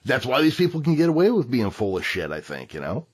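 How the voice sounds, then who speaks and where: A man's voice: medium pitch, very animated, quick pace, husky. A man co-hosting a casual podcast chat, talking things through in a loose, swearing way. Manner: talkative, reflective, swears casually. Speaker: podcast co-host.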